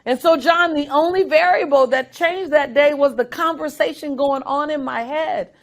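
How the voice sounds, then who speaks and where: A middle-aged woman telling a personal story with animated delivery, acting out the voices of people in it. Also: high voice, moderate pace. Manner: acts out voices of family and coach in her story. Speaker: guest speaker.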